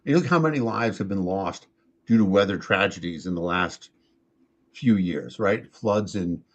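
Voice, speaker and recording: A man's voice: deep voice, normal speed, lo-fi sound. A man hosting a casual talk show, telling stories in a rambling way full of fillers and restarts. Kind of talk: casual chat, storytelling.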